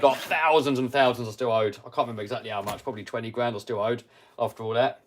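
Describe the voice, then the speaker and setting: A British man hosting a livestream, telling a story casually and animatedly, dropping to mutters and rising to loud outbursts. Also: mid-range voice, steady tone, fast talker, a little hiss or hum. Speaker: livestream host.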